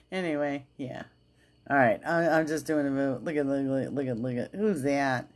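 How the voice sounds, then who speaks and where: Low-voiced woman, chatty and giggly. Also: moderate pace. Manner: chatty, giggly, rambling, repeats herself. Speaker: vlogger. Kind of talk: casual rambling vlog chat.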